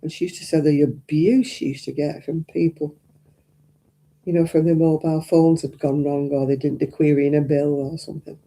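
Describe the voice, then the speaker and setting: A woman's voice: low voice, steady tone, moderate pace, dark tone. An older woman, chatting casually as host of a crafting livestream and rambling through anecdotes. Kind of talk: casual chat.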